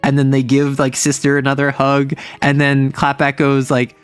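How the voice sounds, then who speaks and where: A man's voice: medium pitch, completely flat delivery, normal speed, clear, resonant tone, no room sound, soft background music. A man streaming as a game master, casually and animatedly retelling a tabletop game session in a rambling way.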